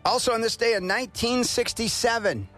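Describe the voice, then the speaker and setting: A man hosting a morning radio show, reading daily history items and a devotional in a plain, steady way. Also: very high voice, a little fast, loud music behind the voice. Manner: reads with plain, steady delivery and fillers.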